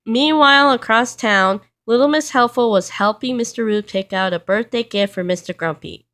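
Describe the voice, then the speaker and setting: A woman reading a children's storybook aloud in a plain, steady way. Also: fairly high pitch, normal speed. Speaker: reader.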